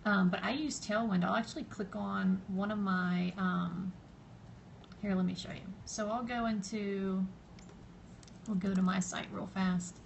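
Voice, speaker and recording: A chatty woman with a Southern US drawl walks viewers through a casual live-stream tutorial, her voice sitting at a middling pitch for a woman. She rambles with plenty of fillers and restarts and greets viewers by name as they join. A steady hum of background noise runs under her phone-camera audio. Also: measured pace, creaky, poor audio. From Southern United States. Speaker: blogger hosting a live stream.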